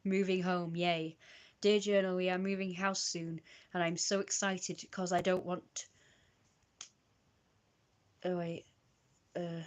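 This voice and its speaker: A British woman with a slightly low voice streams herself reading old diary entries aloud. She moves through the pages haltingly, tripping over her own old writing and picking the sentence back up. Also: level tone. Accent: British English.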